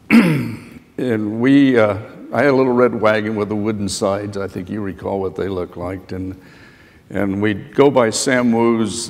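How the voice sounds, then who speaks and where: An older man tells rambling, folksy stories from a panel. His voice sits a touch low and has a gravelly edge. The sound carries a long hall echo. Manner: folksy, rambling anecdotes with frequent fillers. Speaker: panelist, Medal of Honor recipient. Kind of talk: storytelling to students. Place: auditorium panel.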